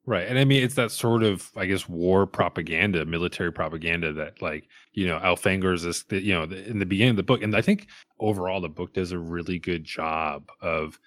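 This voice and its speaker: A man's voice: deep voice, fairly quick, fairly bright tone, dry recording. A man co-hosting a casual book podcast, thoughtful and talking through ideas with restarts. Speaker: podcast co-host discussing a book. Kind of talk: casual chat.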